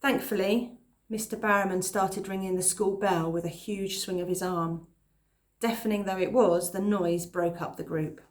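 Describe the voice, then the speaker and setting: A woman reading a children's novel aloud at a calm pace, pausing now and then to explain a phrase. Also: medium pitch. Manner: calm, pauses to explain words. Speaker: reader.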